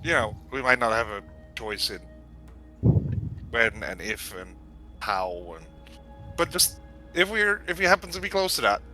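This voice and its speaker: A man's voice: medium pitch, expressive, measured pace, pauses often, bright, forceful tone, soft background music. A man taking part in a tabletop game as a player, talking hesitantly and correcting himself. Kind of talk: tabletop role-play.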